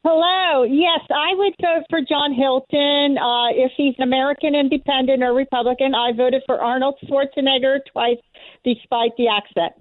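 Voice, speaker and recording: A woman's voice: high voice, steady tone, moderate pace, no room sound. A woman calling a radio show, plainspoken and firm. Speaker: caller. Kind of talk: call-in opinion. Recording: phone line.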